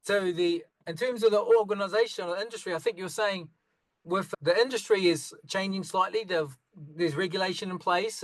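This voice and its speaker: High-voiced male podcast host, dry sound. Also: dry recording, low-quality recording. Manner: frequent encouraging backchannels, lively anecdotes. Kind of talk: casual interview chat.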